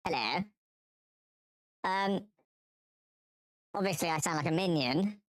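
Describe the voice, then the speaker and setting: A man using a voice changer to sound like a squeaky little cartoon minion creature, playfully repeating test words. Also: slow, a bit bright, no room sound, studio quality. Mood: silly. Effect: high chipmunk voice changer filter.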